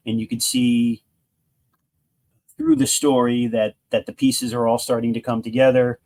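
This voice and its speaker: A man with a gravelly, fry-laced voice at an ordinary middle pitch talks through a comic book he loves. He retells the plot in a loose, enthusiastic ramble, stopping often to restart his sentences. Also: a little mellow. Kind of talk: casual comic book review.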